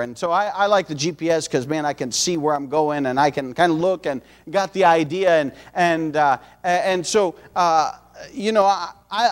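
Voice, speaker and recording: A man's voice: on the high side, normal speed. A man preaching a sermon in a folksy, conversational way, a missionary preacher mixing scripture with homespun everyday asides.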